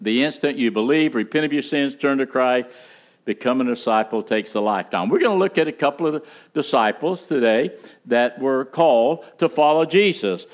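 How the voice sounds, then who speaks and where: A man preaching a sermon in a church, stressing key words and slowing down to drive points home. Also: animated. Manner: emphatic, rising pitch on key words, slows for emphasis, folksy asides. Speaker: pastor. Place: church sanctuary.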